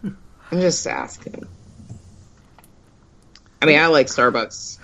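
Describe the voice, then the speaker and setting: A speaker from Pittsburgh chats easily and mostly agrees with short replies. The voice sits at a middle pitch. The recording sounds dull and lo-fi. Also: wildly swooping pitch, slow, vocal fry, a bit bright, slight background noise. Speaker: podcast guest. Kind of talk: casual podcast chat.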